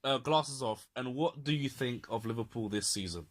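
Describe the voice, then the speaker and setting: A man's voice: mid-range voice, normal speed. A man co-hosting a casual football podcast, quoting stats with dry, wry asides. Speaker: podcast co-host.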